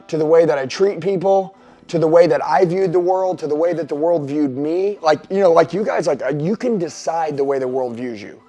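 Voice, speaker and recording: A man giving a motivational seminar talk to a mastermind group, intense and profane, swinging between shouting and hushed asides. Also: on the high side. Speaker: sales coach addressing a mastermind group. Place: seminar room.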